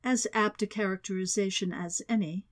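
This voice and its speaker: A woman's voice: medium pitch, fairly even intonation, natural voice. A woman voicing a cool British female spy. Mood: composed. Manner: cool, measured.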